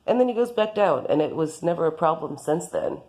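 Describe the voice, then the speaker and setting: A woman tells a loose, rambling story, stringing quotes together with "he's like." Her voice sits low and mellow. It is everyday, unpolished chat. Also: big pitch swings, fairly quick. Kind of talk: casual storytelling.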